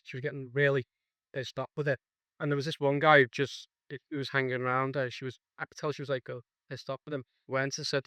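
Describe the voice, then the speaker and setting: Guy in the class telling a story, pretty flat, smooth bright voice, dry. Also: mid-range voice, no room sound. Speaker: seminar attendee.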